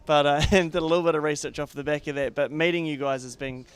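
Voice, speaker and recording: A man's voice: fairly high pitch, fairly even intonation, quick pace, clean tone. A man interviewing a guest in a casual, enthusiastic way with casual slang.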